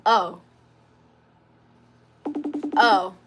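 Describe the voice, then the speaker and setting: A woman's voice: mid-range voice, steady tone, very slow, soft background music. A woman hosting a casual livestream, talking to her viewers in a blunt, profane, confrontational way. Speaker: livestream host. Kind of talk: casual live chat to viewers.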